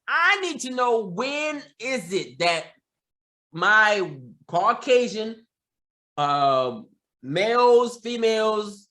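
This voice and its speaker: A man delivering an angry, profane opinion rant, repeating himself and breaking into shouts. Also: extremely high pitch. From United States. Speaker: commentator.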